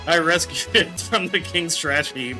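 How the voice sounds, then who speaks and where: A man's voice: fairly high pitch, unhurried, voice pushed up, natural voice. A man voicing a pompous, scheming male minion who speaks in theatrical mock-old English with pirate flourishes. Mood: grandiose. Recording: faint game music behind.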